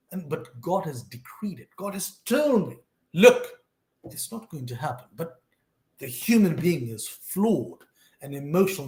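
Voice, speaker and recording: Guy reading holy text and riffing on it, kinda high voice, earnest, echoey room. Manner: earnest, animated, talks to the listener directly, repeats himself. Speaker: host reading and commenting on scripture. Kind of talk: scripture reading with personal commentary.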